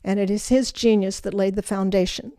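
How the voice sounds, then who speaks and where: An older woman, the guest in an interview, telling her life story in an animated way and acting out the voices of people in it. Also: mid-range voice, brisk, clean tone, no echo, studio quality. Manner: animated storyteller who acts out quoted voices.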